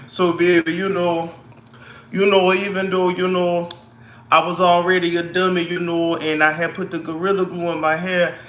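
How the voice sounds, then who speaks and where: A man putting on a scatterbrained woman who frets over her damaged hair, drawling slowly and calling everyone baby. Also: high voice, expressive, pushed and bright, slight background noise, exaggerated voice. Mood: fretful. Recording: echoey room.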